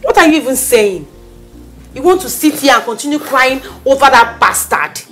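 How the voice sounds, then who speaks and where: An actress playing a loyal, bossy best friend with a Nigerian accent in a film drama, talking insistently and repeating herself. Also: female voice, high voice, big pitch swings, normal speed, fairly bright tone, soft background music. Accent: Nigerian, with Pidgin English. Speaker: consoling friend.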